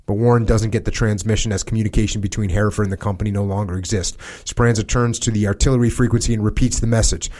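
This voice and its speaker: A man hosting a podcast, reading a wartime account aloud in a measured, grave way, with small slips and restarts. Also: lowish voice, flat delivery, darkish tone. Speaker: podcast host.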